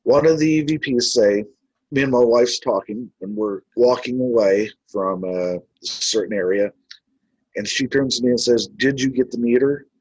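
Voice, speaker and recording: A man's voice: medium pitch, moderate pace, darkish tone, breathy edge, no room sound, poor audio. A man who investigates the paranormal, telling his stories in a casual, rambling way with many filler words. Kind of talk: casual storytelling.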